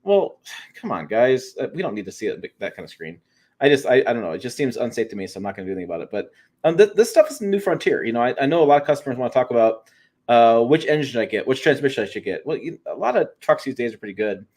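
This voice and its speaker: A man's voice: medium pitch, very animated, quick pace, a little mellow. A man co-hosting a truck livestream, chatting casually and rambling with frequent restarts and fillers. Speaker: co-host of a truck show.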